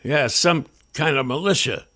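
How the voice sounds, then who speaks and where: A frightened grown man, as a male narrator puts him on, gasping out his words in a high, strained voice that sits far above the reader's own. He stammers and trips over himself in panic. This is an audiobook character voice. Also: unhurried, pushed and bright. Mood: tense.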